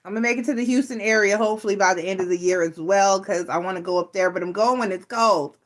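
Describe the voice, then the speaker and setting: A woman's voice: medium pitch, fast. A middle-aged woman hosting a tarot channel, chatting casually and playfully with her viewers, full of teasing asides. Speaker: tarot reader and channel host.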